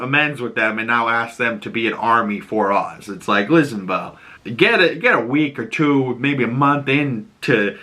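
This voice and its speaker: An excitable man hosts a podcast and recaps a TV episode in a casual way. He laughs often and keeps talking through plenty of filler words. His voice is bright and forceful, with a mid pitch. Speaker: podcast host.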